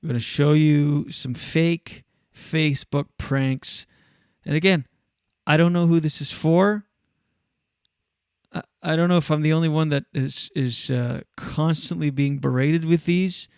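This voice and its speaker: Animated man telling a story. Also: a little high, clean tone, dry recording, studio quality. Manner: animated storytelling, acts out quotes. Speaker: show host. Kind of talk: casual solo podcast talk.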